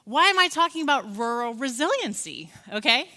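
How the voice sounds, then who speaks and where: Keynote speaker: American-accented woman in her 40s, bright and forceful, chatty lecture style, reverberant hall. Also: on the high side, normal speed. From Scotland. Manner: friendly, conversational, many fillers and restarts. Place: large conference hall.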